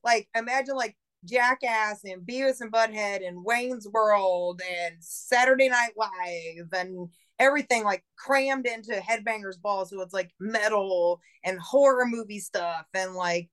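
A woman filmmaker, working independently, rambles as a podcast guest, cursing a lot and leaning heavily on "like." She speaks a little slowly with hardly any pauses, in a mid-range, fairly bright voice.

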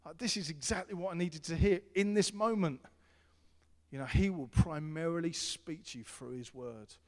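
A middle-aged man preaching a sermon as pastor, earnest and repetitive, swinging between loud appeals and hushed tones. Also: on the high side, moderate pace. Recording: long hall reverb.

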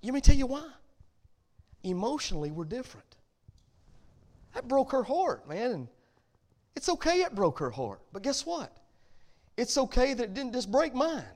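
Pastor, male, middle-aged, high voice with a wide swing, folksy preaching that turns emphatic. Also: very animated, normal speed, pauses often, darkish tone. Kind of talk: sermon.

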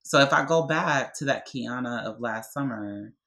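Young woman guest on a podcast, fired up and emphatic, bright edgy voice. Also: a bass voice, moderate pace, creaky, low-quality recording. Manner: passionate, emphatic, often adds "right?". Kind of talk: heartfelt podcast conversation.

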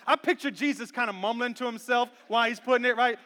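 A male pastor in his thirties delivers a playful, animated sermon with a very high, bright voice. He swings from hushed talk into shouting. A long church reverb trails every phrase. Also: fast, few pauses.

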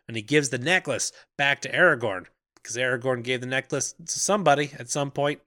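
A man's voice: mid-range voice, fairly quick, bright, forceful tone, no echo, studio quality. A man co-hosting a podcast, casually recapping a film's plot and acting out characters' lines for laughs. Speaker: podcast co-host. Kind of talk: casual movie recap chat.

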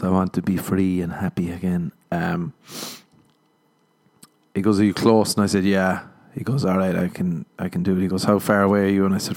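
A man's voice: sits low, steady tone, normal speed, vocal fry, darkish tone. Irish man rambling comic podcast monologue. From Ireland. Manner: rambling, self-mocking storytelling with acted-out dialogue. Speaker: podcast host. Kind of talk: comedic solo podcast monologue.

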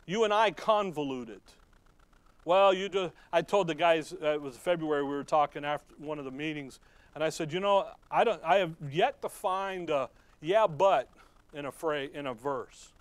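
High-voiced man preaching with sharp emphasis. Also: normal speed, no echo. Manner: conversational preaching with sudden loud emphasis and asides. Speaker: pastor. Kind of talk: sermon.

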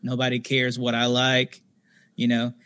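A man in his thirties, a podcast guest, talking casually in a halting way with many fillers and restarts. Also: medium pitch, monotone, bright, forceful tone. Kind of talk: casual conversation.

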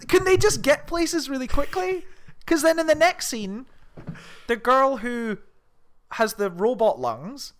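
A man's voice: very high voice, expressive, a little slow, a bit bright, slight background noise. A man co-hosting a casual film podcast, rambling off on tangents and laughing often. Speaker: podcast co-host.

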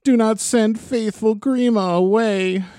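A sniveling courtier begs and whines in a thin, raised voice, as a man puts him on in a dry close recording. He wheedles and pleads without pause, with a soft dark tone under the whine. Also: high-pitched, steady tone, no room sound, pitched above the performer's own voice. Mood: pleading. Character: whining groveling male royal counselor.

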